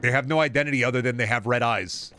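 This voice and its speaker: A man's voice: medium pitch, fast talker, pushed and bright, a little hiss or hum. A man streaming a video game, rambling in casual, profane, jokey commentary. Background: game music and sound.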